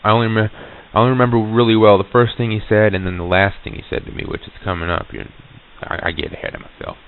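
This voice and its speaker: A man telling of an eerie encounter in the first person, halting, with many fillers and restarts, heard on an old lo-fi reel-to-reel tape. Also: lowish voice, gravelly.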